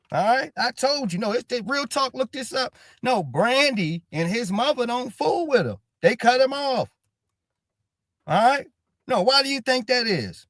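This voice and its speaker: A man talks casually on his own live stream, his voice pitched high and swinging widely as he tells a story. He keeps checking in with the listener with "all right?" after almost every sentence and slips into little impressions of the people he quotes. The sound is close and dry, with no room around it. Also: no echo. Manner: repeats "all right?" constantly, animated storytelling, acts out quotes. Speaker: host.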